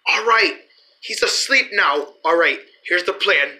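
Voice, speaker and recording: A storyteller voicing several characters in playful role-play, often laughing and shouting in quick back-and-forth. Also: medium pitch, lively intonation, background noise.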